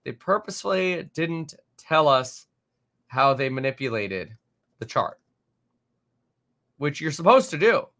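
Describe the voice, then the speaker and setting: A man hosting a live market stream, reading viewer comments aloud and reacting in an animated, exasperated, rambling way with many fillers. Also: fairly high pitch, measured pace, long pauses. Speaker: market livestream host.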